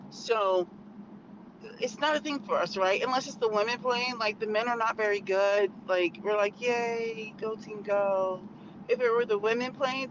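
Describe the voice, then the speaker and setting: Chatty American woman, muffled noisy recording. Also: mid-range voice. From United States. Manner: chatty, opinionated, rambling with many "like" fillers. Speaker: vlogger. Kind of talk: casual chat to camera.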